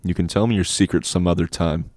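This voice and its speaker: A man voicing a self-assured older schoolboy who speaks softly and with measured calm. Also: low voice, no room sound, natural voice. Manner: measured, soft, unhurried.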